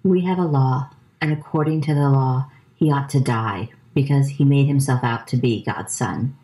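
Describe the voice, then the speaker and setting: A woman's voice: very deep voice, normal speed, warm tone. A woman reading the insistent, accusing lines of temple leaders who demand a death sentence, in a church Passion reading. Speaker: scripture reader. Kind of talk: dramatic scripture reading. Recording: roomy church from a distance.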